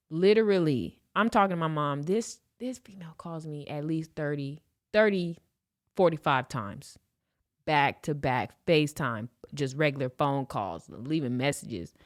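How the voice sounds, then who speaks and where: A man's voice: no echo, clean studio sound. A young man from Los Angeles, a podcast co-host telling a story in casual chat, swearing freely and acting out quotes. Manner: animated storyteller, swears freely, acts out quotes with big pitch jumps.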